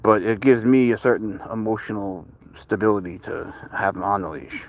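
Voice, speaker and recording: A man's voice: fairly low pitch, moderate pace, vocal fry, slight background noise. Guy chatting on a cat livestream outdoors, rambly, talks to his viewers and his cat. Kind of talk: casual live-stream chat.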